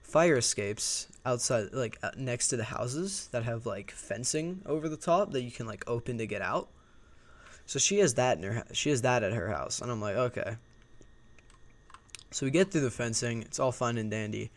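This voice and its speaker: A man's voice: medium pitch, expressive, moderate pace. Young man telling a rambling, profane story. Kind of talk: casual storytime vlog.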